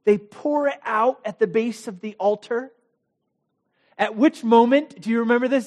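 A man preaching a sermon, telling the story dramatically with rhetorical questions and swings between loud bursts and quiet asides. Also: high-pitched, lively intonation, normal speed. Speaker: pastor.

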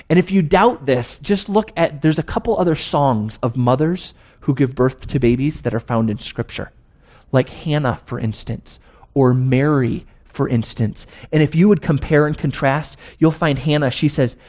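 A man's voice: fairly high pitch, darkish tone. Emphatic male preacher asking rhetorical questions. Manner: slows down to stress key words. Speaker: pastor. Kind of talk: sermon.

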